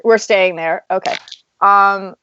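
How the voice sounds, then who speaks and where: A woman's voice: mid-range voice, steady tone, slow, bright, forceful tone, dull audio, a little hiss or hum. A woman playing a tabletop game, hesitant and laughing between ums. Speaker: player. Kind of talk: casual tabletop play.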